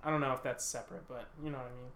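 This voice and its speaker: A man's voice: mid-range voice, fairly even intonation, racing, a bit bright, slight background noise. A man chatting casually at a tasting, rambling and hedging as he trails off. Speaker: tasting co-host. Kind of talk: casual chat.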